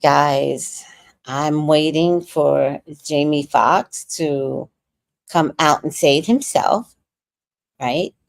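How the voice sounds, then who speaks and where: A woman in her sixties hosts a casual livestream, reading viewer comments aloud and chatting about movies, and mentions that she's tired. Her voice sits low and creaky, she speaks extremely slowly, and there's no room sound. She's chatty, laughing at comments and breaking into sudden bits of song.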